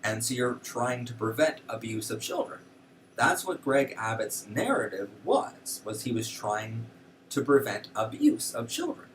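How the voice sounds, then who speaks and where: A man's voice: mid-range voice, distant mic, slight background noise. A man hosting a show, giving casual, indignant political commentary with lots of fillers. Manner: animated, indignant, frequent fillers. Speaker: show host.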